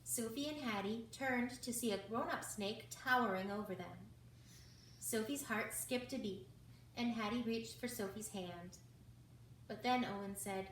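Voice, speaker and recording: A woman reading a children's book aloud in a slow, expressive way. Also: mid-range voice, slight background noise. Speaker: reader. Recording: roomy, from far off.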